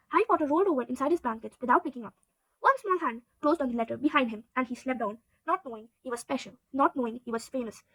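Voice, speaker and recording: High-voiced woman reading a storybook. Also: breathy edge, dry recording, rough recording. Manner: steady reading, occasional stumbles. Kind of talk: storybook read-aloud narration.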